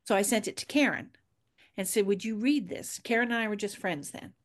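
In a relaxed conversation about her books, the author guest speaks at medium pitch and a little fast. She voices the quoted lines as she recounts a story.

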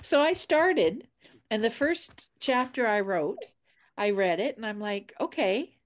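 A woman's voice: medium pitch, very animated, measured pace. An author chatting casually about her books, acting out quoted dialogue as she tells a story. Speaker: author guest. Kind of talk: casual chat.

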